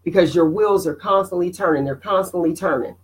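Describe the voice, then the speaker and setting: A middle-aged woman hosting a casual motivational live stream, animated and preachy, greeting viewers by name. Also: fairly low pitch, fairly quick, poor audio.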